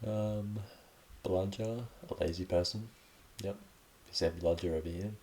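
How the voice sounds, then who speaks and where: A man's voice: low-pitched, steady tone, unhurried, dark tone, a little hiss or hum. A young Australian man hosting a casual solo podcast, reading out slang with offhand, sweary remarks and the odd laugh. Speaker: podcast host.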